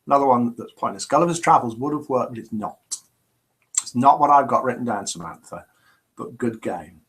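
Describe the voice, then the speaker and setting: A middle-aged man with a mid-range, slightly bright voice hosts a casual live chat show at a brisk pace. He's chatty and jokey, reading out viewer comments, answering them and joking with the viewers.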